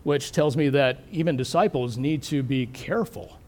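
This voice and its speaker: A middle-aged man preaching a sermon, thoughtful and questioning, slowing down to stress key words. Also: mid-range voice, a little mellow. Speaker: pastor.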